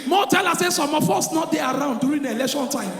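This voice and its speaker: A Nigerian man doing a stand-up comedy routine on a live stage, loud and excitable, often breaking into shouts. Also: very high voice, fast, vocal fry, background noise. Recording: echoey live venue with crowd.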